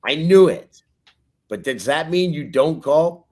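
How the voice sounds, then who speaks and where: A man's voice: on the high side, animated, normal speed, a little mellow. A man co-hosting a casual motivational podcast, giving emphatic pep-talk advice. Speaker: podcast co-host.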